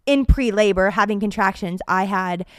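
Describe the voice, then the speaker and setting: A young woman co-hosting a podcast, telling a story in an animated, chatty way and laughing often. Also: mid-range voice, normal speed, clean tone, dry recording, clean studio sound. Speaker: podcast co-host. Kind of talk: casual storytelling chat.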